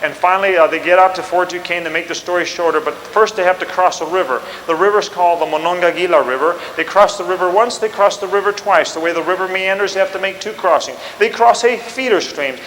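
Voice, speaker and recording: A male storyteller recounts history with lively energy and acts out the scenes as he goes. His voice sits high, and a long reverb with faint noise surrounds it. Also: fast, hardly any pauses. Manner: animated, acts out scenes and commands.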